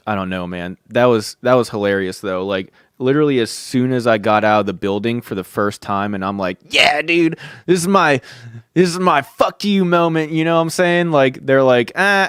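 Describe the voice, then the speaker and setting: A man's voice: medium pitch, clean tone, dry recording, clean studio sound. A young man hosting a podcast, telling a long casual story in a rambling way, swearing often and saying "dude" and "like" constantly. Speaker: podcast host. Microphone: close studio mic.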